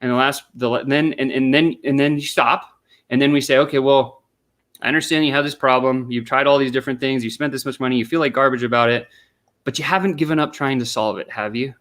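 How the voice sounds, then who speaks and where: Speaking quickly in a mid-range, fairly bright voice with fairly even intonation, a male sales consultant explains his sales method one step at a time during a conversational interview. Along the way he performs sample questions and replies.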